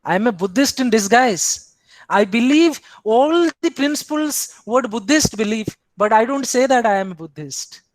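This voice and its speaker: A man's voice: very high voice, no room sound. Man lecturing, Indian English accent. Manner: rhetorical questions, speaks in the voice of the tradition he discusses. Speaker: philosophy lecturer. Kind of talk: academic lecture.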